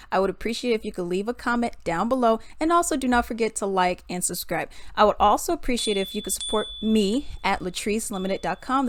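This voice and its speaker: A chatty young woman talks straight to her viewers in a relaxed storytime vlog, laughing often and saying "y'all". Her voice sits in a middle range for a woman. The sound is close and dry, with no room echo. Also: medium pitch. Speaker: vlogger. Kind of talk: casual storytime and reaction commentary.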